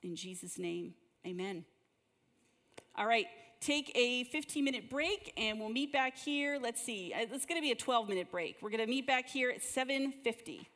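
A woman's voice: sits high, fairly quick, hardly any pauses, a bit bright. A woman leading a church group session, praying and telling stories in a conversational way, often repeating words as she starts a sentence. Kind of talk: conversational church teaching with prayer. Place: large room with a gathered group. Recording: long hall reverb.

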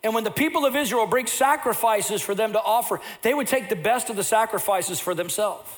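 A man's voice: high voice, fairly quick. An older man preaching a sermon as pastor, telling the story vividly and acting out its scenes. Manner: animated storyteller who acts out scenes.

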